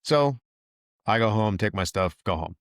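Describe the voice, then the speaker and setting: A man's voice: on the low side, moderate pace, no echo, clean studio sound. A man, a veteran hosting a podcast, telling his story in casual chat and acting out other people's lines with a raised voice. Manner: animated retelling, quotes others in raised voice.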